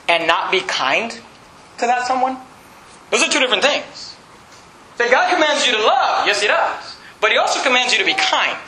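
A pastor preaches with a high, piercing brightness, leaning hard on his points and slipping into little acted voices. The room rings around him with a faint hiss of noise underneath. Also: reverberant, rough recording. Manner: emphatic preaching, acts out quoted speakers. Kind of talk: sermon.

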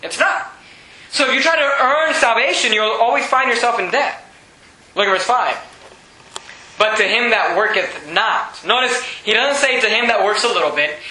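A man preaching a sermon, reading scripture slowly and swinging from raised, emphatic lines to low, quiet ones. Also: reverberant, poor audio.

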